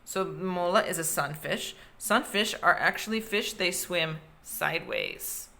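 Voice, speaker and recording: A woman's voice: lowish voice, measured pace, sharp tone. A young woman teacher reading a picture book aloud to children, stopping to explain new words.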